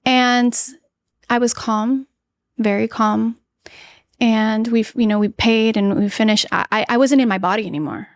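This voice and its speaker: Speaking unhurriedly with a somewhat high voice and fairly even intonation, a woman in her thirties tells a candid, earnest personal story as a podcast guest. She acts out what others said as well as her own lines, and the recording has no room sound.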